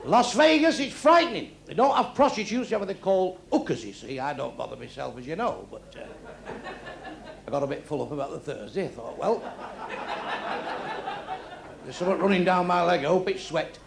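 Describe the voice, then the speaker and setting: A man's voice: fairly high pitch, expressive, brisk, vocal fry, pauses often, background noise. An older man doing a crude, blunt stand-up routine on a nightclub stage, heckling his band between jokes. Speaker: stand-up comedian. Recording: live club show with loud crowd. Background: audience laughing.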